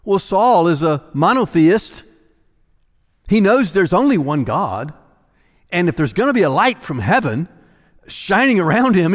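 A male pastor with a notably high voice delivers an emphatic sermon, repeating key phrases and swinging from quiet intensity to raised proclamation. His words ring through the long reverb of a large church sanctuary.

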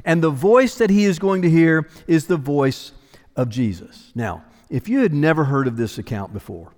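A man's voice: a little high, expressive, moderate pace, a little mellow, in a large hall. A man preaching an expository sermon as pastor, dramatic and emphatic, sometimes dropping to a near-whisper for weight.

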